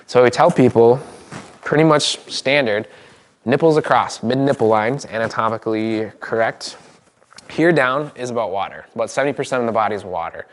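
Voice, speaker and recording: Energetic man teaching a live seminar. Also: medium pitch. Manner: energetic, demonstrative, talks to the room with quick asides. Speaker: NLP trainer. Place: seminar room with an audience.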